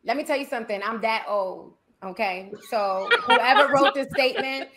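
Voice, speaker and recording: A woman with a non-native English accent, a panelist talking in a relaxed, laughing way on a casual game show. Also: a little high, moderate pace, a little hiss or hum. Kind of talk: casual chat.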